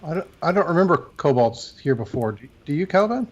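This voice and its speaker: Stammering higher-voiced man, lo-fi. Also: big pitch swings, fast. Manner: stammering, inquisitive. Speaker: player. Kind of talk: tabletop role-play. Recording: dull lo-fi sound.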